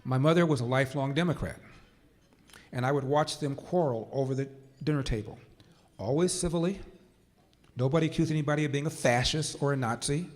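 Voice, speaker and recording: An older man speaking at a conference, telling a personal story that leads into a political speech, slowing down and dropping quiet for emphasis before rising to forceful points. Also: mid-range voice. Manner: storyteller who slows down and drops quiet for emphasis, then rises to forceful points. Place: conference hall stage.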